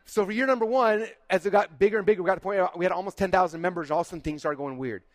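A man tells stories from a conference stage at a rapid clip, with a somewhat high voice. He acts out the dialogue and leans on "like" as he goes. The sound is dry, with no room echo. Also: soft background music. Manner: animated, acts out dialogue, frequent "like". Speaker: keynote speaker. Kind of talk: storytelling keynote.

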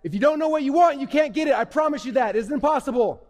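A man giving an energetic, playful, emphatic live presentation to young people as a motivational speaker. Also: very high voice, fast. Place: event hall. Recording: reverberant hall.

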